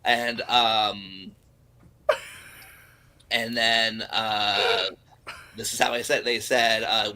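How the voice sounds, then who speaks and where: A man's voice: fairly low pitch, flat delivery, very slow, long pauses, sharp tone. A man chatting casually on a podcast, telling a story with many fillers and restarts. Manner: rambling, lots of fillers and restarts. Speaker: guest performer.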